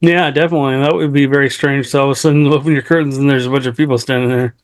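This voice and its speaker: A man hosting a podcast interview, asking questions with relaxed, jokey interjections. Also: medium pitch, very fast, no echo. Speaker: podcast host. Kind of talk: casual interview.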